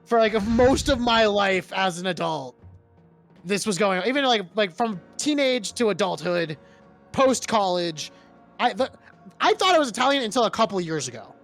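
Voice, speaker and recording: A young man in his twenties from Massachusetts with a high voice. He tells stories in a lively, laughing way and swears casually. Faint music plays underneath the chat. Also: moderate pace. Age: 20s. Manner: animated storyteller, swears freely, laughs often. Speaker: stream co-host.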